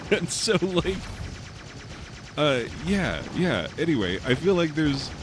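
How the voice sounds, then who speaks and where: A man who teaches high school English, rambling in casual commentary while playing a game, full of fillers and laughs. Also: very animated, slow, background noise. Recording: game gunfire and explosions behind the voice.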